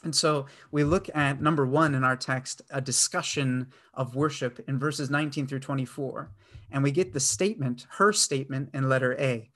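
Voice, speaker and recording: A man's voice: medium pitch, fairly even intonation, normal speed, a bit bright. Earnest man preaching a sermon. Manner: earnest, with frequent fillers and restarts. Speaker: pastor.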